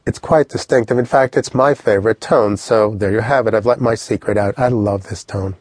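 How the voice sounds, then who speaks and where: Man, language teacher, low husky voice, dry close sound, lively storytelling. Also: moderate pace, no echo. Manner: lively, vivid storytelling with instructions. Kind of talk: audio language lesson.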